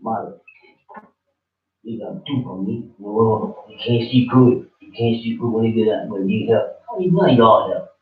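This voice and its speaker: A man's voice: on the low side, measured pace, a little hiss or hum. A man preaching a fiery street-style sermon, scolding and swearing, with phrases said again and again. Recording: muffled, distant, echoey room.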